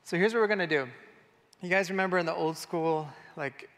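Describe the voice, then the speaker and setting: A man's voice: high-pitched, fairly quick, fairly bright tone. A man preaching a casual, conversational sermon and directing his congregation, talking loosely with fillers. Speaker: pastor. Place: church hall. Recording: reverberant hall.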